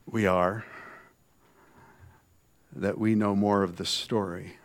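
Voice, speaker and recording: A man preaching a sermon in a conversational way, swinging from soft, low asides to loud, emphatic lines. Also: fairly even intonation, takes it slowly.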